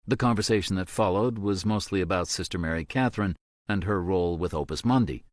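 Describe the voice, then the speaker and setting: A man narrating an audiobook in a steady, measured way. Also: sits low, no echo, clean studio sound.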